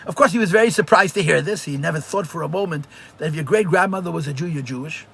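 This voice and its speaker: A man, a rabbi, teaching a live religious class and telling stories in an animated way, often repeating phrases for emphasis. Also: fairly high pitch, fast talker, creaky, husky.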